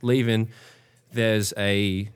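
A man's voice: lowish voice, flat delivery, very slow, clean tone. A young Australian man telling crude party stories in a casual chat, full of slang. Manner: crude, laid-back slang, acts out quoted voices. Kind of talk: casual storytelling.

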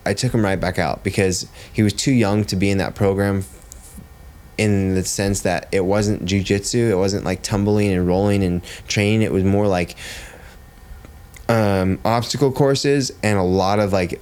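A man's voice: on the low side, steady tone, moderate pace, a little mellow. A man in his thirties, a jiu-jitsu coach and father, telling stories in casual podcast chat, blunt and swearing freely. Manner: blunt, swears freely, says "dude" often.

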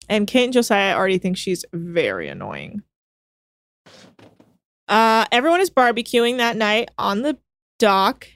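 A woman's voice: mid-range voice, vocal fry, no echo. A young woman co-hosting a podcast, recapping a reality show in a chatty, sarcastic way. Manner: chatty, sarcastic, mimics people in snippy voices. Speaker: podcast co-host. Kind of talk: casual reality TV recap chat.

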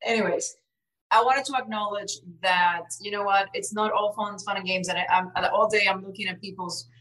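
A woman co-hosting a casual talk show, earnest and emphatic, quick to argue back. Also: medium pitch, fairly even intonation, fairly bright tone, poor audio. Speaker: co-host. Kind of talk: casual chat.

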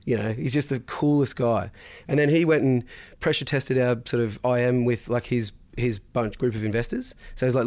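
A man's voice: mid-range voice, steady tone, moderate pace, darkish tone. A man, a guest in a casual interview, telling stories bluntly and swearing freely. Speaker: podcast guest, business founder.

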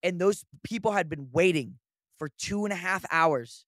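A man with a high voice chats on a podcast, telling stories in a lively way, laughing often and acting out what people said. The sound is dry and close, with no room around it. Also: moderate pace, dry recording. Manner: laughing, animated storytelling with acted-out quotes. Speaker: podcast host. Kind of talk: casual podcast chat.

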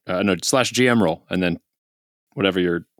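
Lower-voiced man playing a tabletop game. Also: moderate pace, dry recording, clean studio sound. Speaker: player. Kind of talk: casual tabletop game chat.

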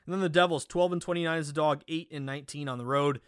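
A man with a Boston accent hosting a solo sports betting podcast, talking energetically with lots of fillers and quick self-corrections. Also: on the high side, fairly even intonation, a bit bright, clean tone, no room sound, studio quality.

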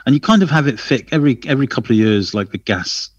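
A man's voice: mid-range voice, expressive, fast, breathy edge, no echo, lo-fi sound. A man co-hosting a podcast in a casual chat, telling rambling self-deprecating stories. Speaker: podcast co-host.

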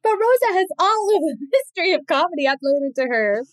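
A woman co-hosting a podcast in casual chat, animated and quick to laugh. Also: very high-pitched, no room sound, rough recording. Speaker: podcast co-host.

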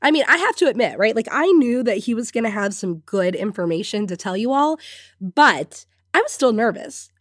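A woman's voice: on the high side, lively intonation, moderate pace, a bit bright, breathy edge, dry recording, clean studio sound. A woman hosting her own podcast while sick, congested and scratchy-voiced, talking in an upbeat way with frequent little laughs. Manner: upbeat, laughs often between phrases. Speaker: podcast host and business coach. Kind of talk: solo podcast talk.

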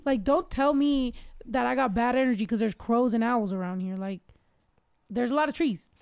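A woman hosting a casual podcast, telling stories in a loud, profane, lively way. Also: fairly high pitch, normal speed, vocal fry, clear, resonant tone, no room sound.

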